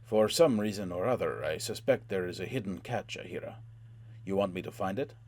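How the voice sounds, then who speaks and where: A man voicing a brash, booming male warrior in an audiobook. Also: fairly quick, a little mellow.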